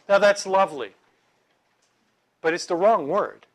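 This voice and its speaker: A middle-aged man teaching a Bible class in a lively, conversational way, joking with his listeners. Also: high voice, unhurried, pauses often.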